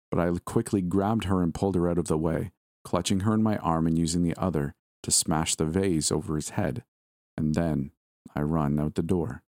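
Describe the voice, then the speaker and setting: A man narrates a first-person story in a steady, measured way. His voice is very low and deep, and the recording is close and dry, with no room sound. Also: no echo.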